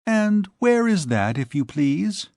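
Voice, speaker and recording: A man's voice: high-pitched, big pitch swings, slow pace, darkish tone, dry recording, voice pushed up, exaggerated voice. A man voicing a tender, reproachful young noblewoman. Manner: coaxing, pleading questions. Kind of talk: audiobook character voice.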